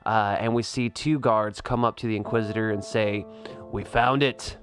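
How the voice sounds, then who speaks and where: Brief: male game master, lower pitch, descriptive narration with filler words. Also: flat delivery, normal speed, soft background music. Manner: descriptive, many ums and uhs.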